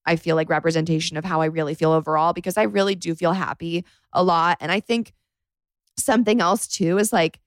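A woman with a fairly low, steady voice speaks fairly quickly in a dry recording. She's hosting a confessional solo podcast from her bedroom floor on a podcast mic, candid and rambling, heavy on "like," and occasionally close to tears.

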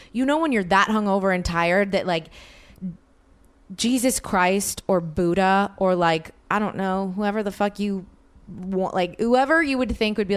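A woman in her thirties hosts a podcast and tells a story in loose, casual chat. She rambles, fills her sentences with fillers and swears freely. Her voice is smooth and clear, at a middle pitch for a woman. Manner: chatty, rambling, heavy use of fillers and swearing. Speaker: podcast host.

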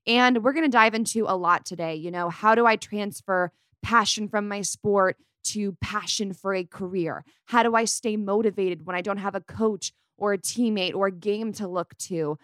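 A woman's voice: medium pitch, normal speed, hardly any pauses, a bit bright, clear, resonant tone, dry recording, studio quality. A young woman in her twenties hosting a casual podcast, chatty and upbeat with a valley-girl lilt. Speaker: podcast host.

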